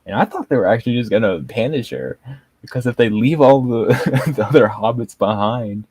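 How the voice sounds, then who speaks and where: A man's voice: medium pitch, moderate pace, a little mellow, husky, dry recording. A man hosting a live review show, talking in a rambling, mocking way and leaning on filler words. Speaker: show host reviewing a series.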